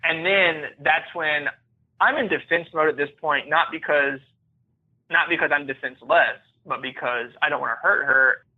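Speaking at an ordinary pace in a fairly high voice, a man appears as a podcast guest telling his own story. He comes across as earnest, candid and reflective, and the audio sounds tinny, like a phone line.

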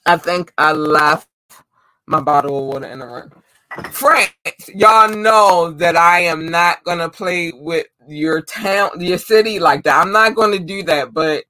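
An excitable man speaks in a high, bright voice, full of warm, gushing energy. He talks slowly and often trips over unfamiliar names. The sound is close and dry, with no room around it. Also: dry recording, low-quality recording. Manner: excited, effusive, stumbles over place names. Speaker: host shouting out listeners. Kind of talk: casual chat.

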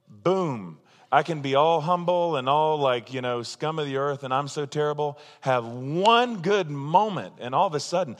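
A man's voice: fairly high pitch, fairly bright tone, long reverb tail. A man preaching a sermon as pastor, talking in a casual, emphatic way and poking fun at himself. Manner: conversational, self-deprecating, emphatic.

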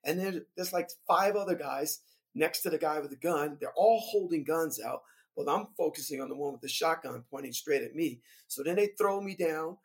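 A man who plays in a band, telling a story from the road as a guest on a podcast, lively and laughing as he recounts it. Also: fairly high pitch, moderate pace, vocal fry. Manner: animated, vivid retelling with laughter. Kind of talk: casual storytelling.

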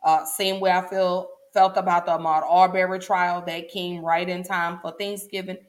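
A woman's voice: on the low side, flat delivery, moderate pace. A woman, hosting a casual livestream and talking straight to her viewers, chatty and emotional. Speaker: show host.

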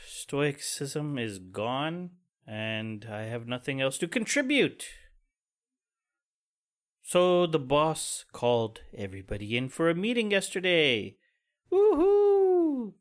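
A man's voice: medium pitch, very animated, slow, a bit bright. Profane, fed-up man hosting a podcast. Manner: angry, profane, pessimistic venting. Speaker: podcast host. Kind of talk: casual solo podcast rant.

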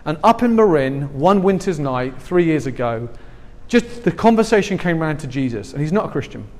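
A man preaching a sermon, animated and emphatic, swinging between loud and hushed. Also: on the high side, normal speed. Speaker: pastor. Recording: long hall reverb.

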